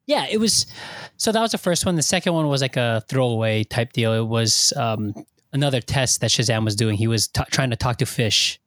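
A man in casual conversation about a movie, retelling scenes in a rambling, animated way with many fillers and restarts. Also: mid-range voice, a little fast, no echo. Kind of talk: casual chat.

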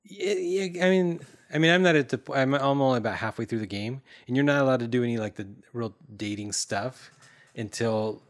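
A man's voice: mid-range voice, fairly quick. A man co-hosting a podcast in casual chat, telling stories in a rambling way. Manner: rambling storyteller, repeats "and I was like". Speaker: podcast co-host.

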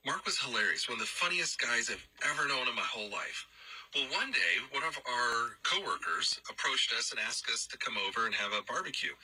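A man's voice: mid-range voice, a little fast, slightly rough, rough recording. A man telling a funny story with lots of animation, acting out the people in it and laughing as he goes. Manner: animated, acts out voices and laughs mid-story. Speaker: listener telling a roommate story.

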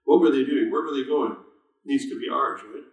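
A man's voice: mid-range voice, normal speed. Man teaching scripture in a cavernous room. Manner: conversational, quizzes listeners, reads scripture aloud with stresses. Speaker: Bible teacher. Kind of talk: informal Bible study sermon. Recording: very echoey room, voice far from mic.

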